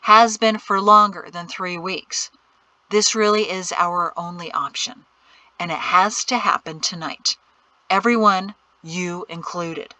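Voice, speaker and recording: A woman voicing a stern, hushed father. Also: fairly even intonation, takes it slowly, dry recording. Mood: tense. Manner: tense, low, often hushed or whispered. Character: stern worried father, middle-aged man. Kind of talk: audiobook character reading.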